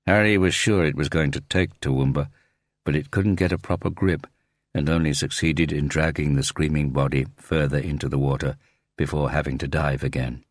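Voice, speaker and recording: A man reading a thriller audiobook in a steady, measured narration. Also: extremely low pitch, dry recording, studio quality.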